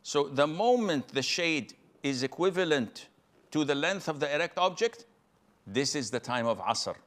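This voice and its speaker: A male scholar answers a caller's religious question, explaining calmly and step by step. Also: on the high side, normal speed. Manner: calm, step-by-step teaching.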